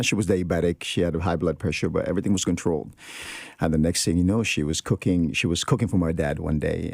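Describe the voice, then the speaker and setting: Male podcast guest: deep, gravelly voice, recorded dry, speaks in an earnest, reflective way. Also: a little mellow, dry recording. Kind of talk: casual podcast conversation.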